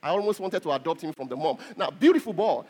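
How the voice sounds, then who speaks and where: A middle-aged man, a pastor, preaching a sermon in a halting way, repeating words and laughing often. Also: fairly high pitch, expressive, a little mellow, husky. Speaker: pastor and doctor.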